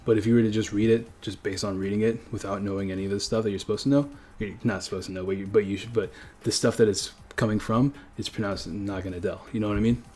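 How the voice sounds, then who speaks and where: A little hiss or hum accompanies this French-speaking-country streamer, who talks fast with few pauses in a fairly low, steady, darkish voice. He rambles casually, corrects himself as he goes, and chuckles a lot.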